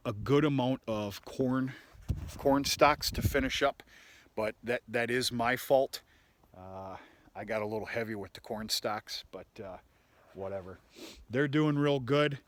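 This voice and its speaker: Rambling, blunt farmer man. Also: mid-range voice. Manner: rambling, blunt, mild cursing. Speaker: cattle farmer. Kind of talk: casual farm vlog. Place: outdoors on a farm.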